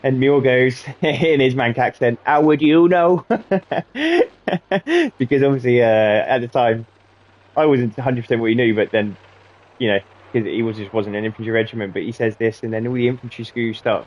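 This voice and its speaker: A man's voice: mid-range voice, flat delivery, a little fast, lo-fi sound. A young man swearing freely and laughing as he tells rambling stories while gaming. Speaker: gaming channel host. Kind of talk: casual storytelling while gaming.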